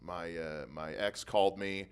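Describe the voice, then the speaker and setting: Laid-back, halting self-deprecating comic. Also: male voice, deep voice, fairly even intonation, clean tone. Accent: Dayton, Ohio. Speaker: stand-up comedian. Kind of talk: stand-up set. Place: comedy club stage.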